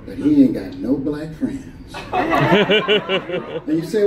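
A man performing a stand-up comedy set on a club stage, telling stories animatedly and jumping into high voices for the people he quotes. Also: big pitch swings, slow pace, long pauses, recorded from a distance, very noisy. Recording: roomy live club recording, crowd laughter.

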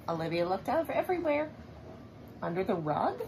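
Woman reading a picture book to kids, slow and high, bouncy voice, faint noise behind. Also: creaky. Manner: expressive, asks listeners questions. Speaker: storybook reader.

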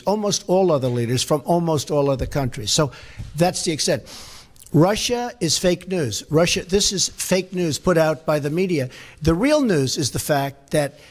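A man fielding press questions at a podium in a large formal hall, blunt, emphatic and repetitive, speaking off the cuff. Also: on the high side. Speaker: president at a press conference. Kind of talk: off-the-cuff press conference answers.

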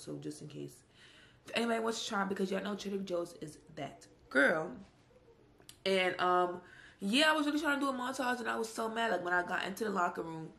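A woman's voice: on the low side, creaky, fairly bright tone, reverberant. A young woman talking casually to camera in a home vlog, chatty and rambling with lots of "like"s. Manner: chatty, rambling, slangy with many "like"s. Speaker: vlogger.

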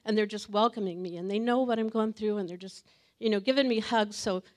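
A woman's voice: mid-range voice, brisk. A woman sharing a personal testimony at a church gathering, talking earnestly and emotionally and laughing now and then. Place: church meeting room with audience.

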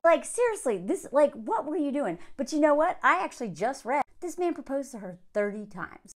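A woman's voice: high voice, very animated, moderate pace, few pauses. A woman talking through a film review in a blunt, sarcastic, casual way, laughing often. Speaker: movie reviewer. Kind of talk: casual commentary vlog.

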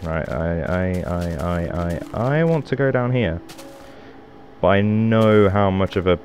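A man's voice: low-pitched, lively intonation, slow, a little mellow. A man giving rambling let's play commentary, swearing and mocking himself as he plays at home. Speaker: gamer.

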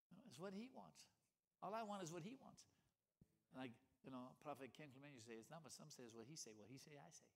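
A man preaching a sermon, swinging from loud emphasis to hushed near-whispers, with rhythmic catchphrases and repeated calls of "come on.". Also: mid-range voice.

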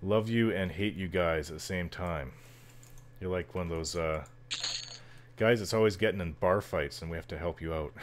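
A man talks over his game in an extremely deep, low voice. He rambles loosely, full of ums and little chuckles, and a faint hiss of noise sits behind him. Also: moderate pace. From Canada. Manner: rambling, chuckles often, many fillers. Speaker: gameplay commentator. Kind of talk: casual let's-play chatter.

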